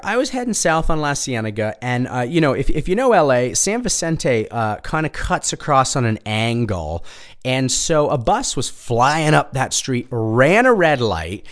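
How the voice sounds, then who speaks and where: A man telling personal stories in a loose, rambling monologue, full of fillers, asides and swearing. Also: mid-range voice. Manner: rambling, animated, many fillers and asides, profane. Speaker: storyteller. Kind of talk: casual storytelling monologue.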